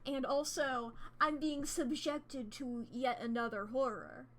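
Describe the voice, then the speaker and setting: A woman streaming a game, chatting casually and excitably, swearing freely and rambling as she plays at a home desk setup. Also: high-pitched, slow pace. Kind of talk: casual gameplay commentary.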